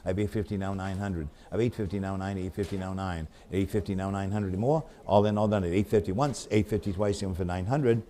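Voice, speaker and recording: A low, dark-voiced man with a New England accent calls a live auction. He rattles off bids in quick repeated runs, then slows down for friendly remarks about each piece. His tone stays mellow and relaxed. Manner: rapid repetitive bid calling with chatty asides.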